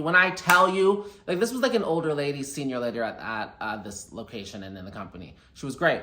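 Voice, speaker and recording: Chatty young man telling a story. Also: on the high side. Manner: chatty and animated, quotes people in quick asides. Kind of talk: casual storytime vlog. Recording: echoey room.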